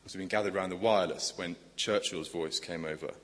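A man's voice: deep voice, fairly even intonation, fast, fairly bright tone. A man preaching a sermon in an earnest, conversational way, asking the congregation questions. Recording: long echoing church reverb.

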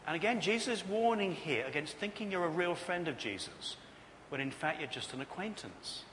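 A man's voice: fairly high pitch, animated, moderate pace, sharp tone. A man preaching a sermon. He tells stories with animation and acts out other people's voices. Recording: echoey hall with faint noise.

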